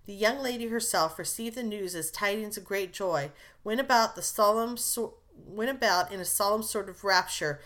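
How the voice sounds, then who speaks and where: A woman narrating a classic novel aloud in a smooth, expressive storytelling manner. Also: mid-range voice. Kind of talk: audiobook reading of a classic novel.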